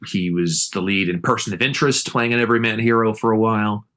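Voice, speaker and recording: Low-voiced man chatting about films. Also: steady tone, fast talker, a bit bright. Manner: rambling, with frequent restarts and sudden jumps in pitch. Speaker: podcast co-host. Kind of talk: casual film discussion.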